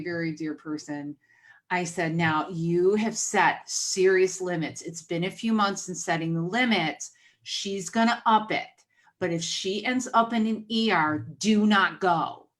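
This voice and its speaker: A woman's voice: lowish voice, slow pace. Storytelling woman podcast host. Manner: animated storytelling, acting out quoted dialogue. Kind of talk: casual podcast conversation.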